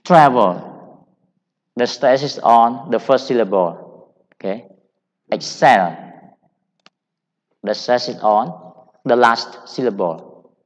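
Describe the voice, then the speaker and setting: A man with a Cambodian accent teaching English grammar, explaining slowly and repeating each point. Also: mid-range voice. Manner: slow, repetitive, deliberate explaining. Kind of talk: grammar lecture. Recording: dull sound in a long-reverb hall.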